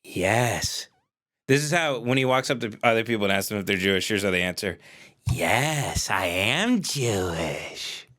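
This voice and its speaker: A livestream host, a man, talking into his desk mic in a casual rant. His voice is bright and sharp. He sounds exasperated and profane, and he shouts now and then. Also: fairly low pitch, brisk. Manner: shouts at times. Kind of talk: casual ranting monologue.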